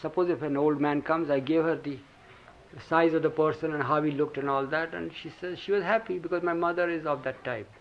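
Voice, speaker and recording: Reminiscing in casual talk, an older man with an Indian English accent chuckles through animated stories full of acted quotes. He speaks fairly quickly in a voice that is a little high. The source is a dull, hissy lo-fi 1980 tape.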